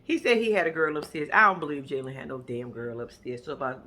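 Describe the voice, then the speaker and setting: A woman's voice: low voice, very animated, a little fast, hardly any pauses, sharp tone. A woman recapping a reality show in casual chat. She is blunt and swears a lot, and she talks straight to her viewers. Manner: blunt, profane, emphatic storytelling; addresses viewers directly. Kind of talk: casual episode reaction chat.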